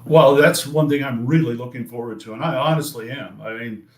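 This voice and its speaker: An older man, a sports play-by-play broadcaster, answering questions in a measured, thoughtful way, often restarting his phrases. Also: mid-range voice. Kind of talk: casual interview answers. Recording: roomy echo.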